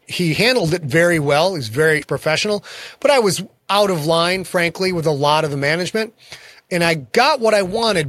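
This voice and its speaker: A man's voice: a little high, a bit bright, no echo. A man, a guest author in a casual interview, telling frank and self-deprecating stories about his work.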